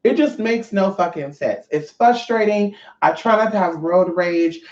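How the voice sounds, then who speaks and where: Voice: medium pitch, measured pace. A Californian host ranting on a livestream, swearing freely and chatting straight to viewers. The voice sits in a middle register and echoes around the room. The sound is dull and lo-fi. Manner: profane, animated, chatty with viewers. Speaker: livestream host running online classes. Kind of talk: casual livestream rant.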